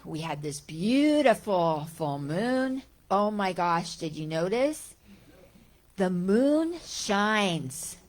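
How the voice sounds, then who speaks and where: A woman giving a conversational spiritual talk to a congregation, often voicing everyday thoughts aloud and repeating key phrases. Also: lowish voice. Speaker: guest speaker. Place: church sanctuary.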